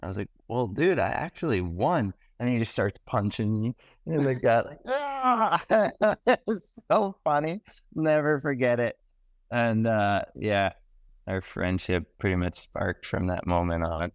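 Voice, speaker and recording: Excited young man telling stories. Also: lowish voice, a little slow, no room sound. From Canada. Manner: enthusiastic, animated, slangy, acts out quotes. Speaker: podcast guest, pro snowboarder. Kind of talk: casual podcast storytelling.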